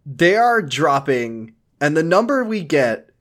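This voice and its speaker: A man's voice: on the high side, sing-song, takes it slowly. A man co-hosting a podcast, joking playfully through a casual comedic recap and laughing often. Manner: playful, joking, bursts into silly voices and laughter. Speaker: podcast co-host.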